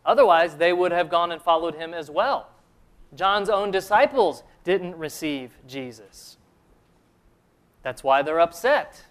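A man preaching a sermon in an earnest way, asking the listeners questions and slowing down to stress key phrases. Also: a little high, lively intonation, a bit bright, clear, resonant tone. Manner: earnest preaching, rhetorical questions, slows for emphasis. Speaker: pastor.

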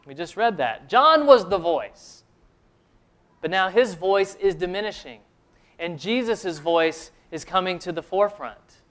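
Earnest male pastor delivering a sermon, slightly high smooth voice, slows down for emphasis. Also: fairly bright tone. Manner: earnest preaching, rhetorical questions, slows for emphasis.

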